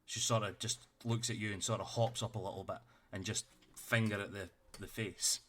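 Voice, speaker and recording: Low-voiced male game master. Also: steady tone, normal speed, a bit bright. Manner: loose, filler-heavy, swears casually. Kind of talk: narrating a tabletop game.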